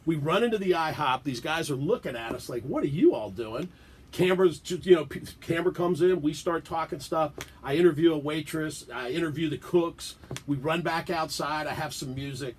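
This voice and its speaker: A man's voice: on the high side, a little fast, a little hiss or hum. A middle-aged man from the Washington DC area, telling stories as a guest in a casual radio interview, laughing and acting out quotes. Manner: animated, laughing storyteller who acts out quotes. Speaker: podcast guest. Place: radio studio.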